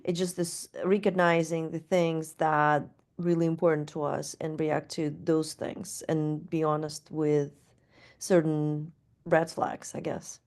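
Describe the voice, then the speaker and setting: A woman's voice: deep voice, little pitch movement, unhurried, darkish tone. A woman taking part in a workshop, thinking aloud with many fillers and hesitations as she sums up what she heard. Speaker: workshop participant. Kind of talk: hesitant question in a class.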